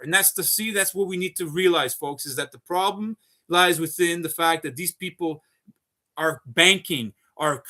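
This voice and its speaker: With a slightly high, sharp-toned voice, a man rants off the cuff during a live stream, swearing freely and circling back over the same points. He keeps calling his viewers "folks" in this rambling monologue.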